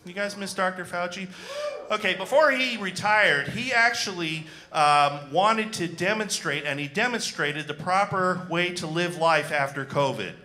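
A man doing a stand-up comedy set on a club stage, self-deprecating and animated, talking into a handheld mic with frequent fillers. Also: high-pitched, measured pace, few pauses.

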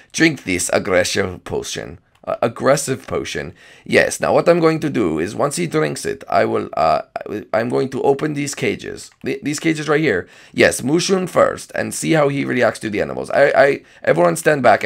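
A man's voice: lowish voice, sing-song, normal speed, vocal fry, exaggerated voice. A man doing a bumbling, formal scientist. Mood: mock-formal. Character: bumbling male scientist, fussy and proper. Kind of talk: comedic game role-play.

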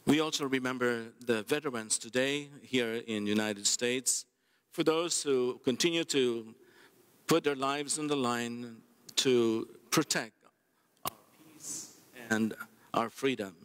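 A priest reads scripture and preaches at a church Mass, taking his time over every phrase. His voice sits at an ordinary middle pitch for a man. He speaks slowly and deliberately, and pauses to restart a thought now and then. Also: a bit bright, clear, resonant tone. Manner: measured, unhurried, with plain restarts in the homily. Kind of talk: Mass readings and homily.

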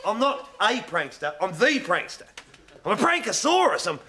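A brash Aussie prankster. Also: male voice, sits high, sing-song, moderate pace, bright, forceful tone, exaggerated voice. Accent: Australian. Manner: boastful, laughing. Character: brash Australian prankster man, cocky and boastful.

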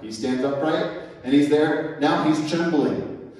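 A man preaching a sermon as pastor, emphatic, swinging between loud and soft. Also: fairly high pitch, a little slow. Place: church sanctuary. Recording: echoey hall, mic far off.

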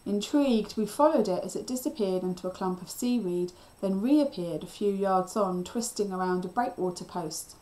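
A woman teacher reading a children's novel aloud with steady storytelling. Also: mid-range voice, moderate pace, hardly any pauses.

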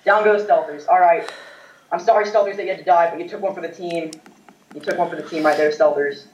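Excitable gamer man, echoey distant mic. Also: a little high, quick pace, a little hiss or hum. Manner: excitable, rambling, loud outbursts. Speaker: gaming YouTuber. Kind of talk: casual let's-play commentary.

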